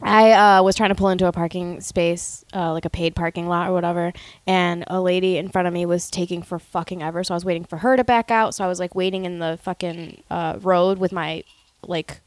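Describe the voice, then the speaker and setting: A woman, co-hosting a podcast and telling stories in casual, profane, animated chat. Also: lowish voice, a little fast, no room sound. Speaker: podcast co-host.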